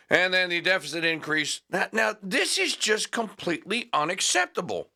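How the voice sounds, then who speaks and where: A man's voice: high voice, very animated, a little fast, few pauses, sharp tone. A man hosting a talk show, reading news aloud with sarcastic, rambling asides and stalling with fillers while he hunts for names. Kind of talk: opinionated talk radio monologue.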